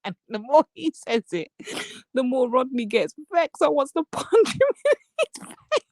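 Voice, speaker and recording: A woman's voice: sits high, very animated, measured pace, darkish tone, no echo, studio quality. A young woman hosting a live stream, gossiping with lots of swearing and frequent laughter, and mimicking the people she talks about. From England. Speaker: livestream host. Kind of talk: casual live-stream commentary.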